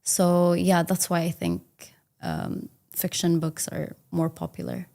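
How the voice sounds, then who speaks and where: Woman, from India, exam candidate, slowish, mellow voice, thoughtful. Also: lowish voice, big pitch swings, gravelly. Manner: thoughtful, with fillers like um and you know. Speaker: test candidate. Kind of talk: practice speaking-test answers.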